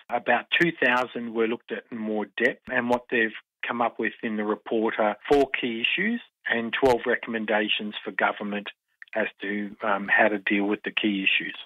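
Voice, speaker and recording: A man, an engineering professor, explaining a report slowly and deliberately in a radio interview. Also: medium pitch, sharp tone, dry recording. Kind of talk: radio interview over the phone. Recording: tinny phone line.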